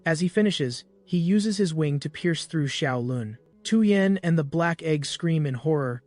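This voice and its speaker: A man narrating a comic recap in a brisk storytelling voice with small slips. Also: on the high side, animated, darkish tone, soft background music.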